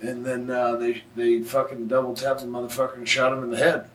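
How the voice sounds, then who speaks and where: A man's voice: mid-range voice, completely flat delivery, fast talker. A man telling a long story in casual podcast chat, blunt and profane, laughing at his own bad luck. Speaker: podcast guest.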